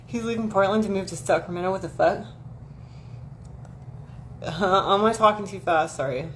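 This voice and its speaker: A woman's voice: mid-range voice, moderate pace, a little hiss or hum. A woman chatting casually with her viewers on a livestream, rambling and swearing freely as she gossips and answers the chat. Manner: reacts to chat messages. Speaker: livestream host.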